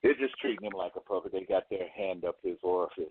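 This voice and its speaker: A man's voice: low voice, flat delivery, fast, slight background noise. A man calling in to a talk radio show, talking bluntly in street slang and restarting his thoughts. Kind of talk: casual call-in commentary. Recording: tinny dry phone line.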